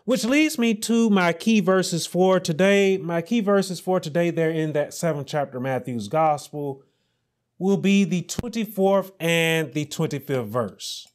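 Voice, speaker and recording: A pastor delivers his sermon at a slow, deliberate pace, his fairly high voice lifting when he reads scripture. He repeats key phrases for emphasis and leans into the words. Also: expressive. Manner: slow, emphatic preaching, rising in pitch on scripture.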